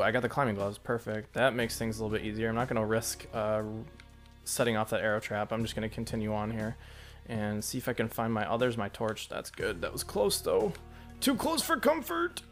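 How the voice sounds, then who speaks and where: A man giving casual let's play commentary, thinking aloud and getting excited at close calls. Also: on the low side. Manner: chatty, excitable, thinks aloud about each move. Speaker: gameplay commentator.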